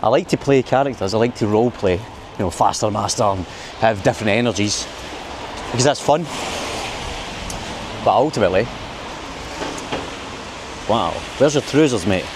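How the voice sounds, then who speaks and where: A Glaswegian man talks to his camera while out on a night walk, rambling and laughing at his own jokes. His voice sits a little low. Faint city noise carries behind him. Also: moderate pace, pauses often. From Scotland. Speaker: vlogger. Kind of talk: casual walking vlog. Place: city streets at night in the rain.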